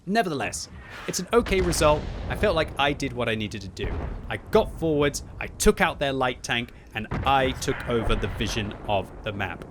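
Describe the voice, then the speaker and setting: A man giving live gameplay commentary at home, thinking aloud and breaking into loud frustrated yelling. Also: medium pitch, normal speed. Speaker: gaming video host. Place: upstairs room at home. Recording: steady game noise behind the voice.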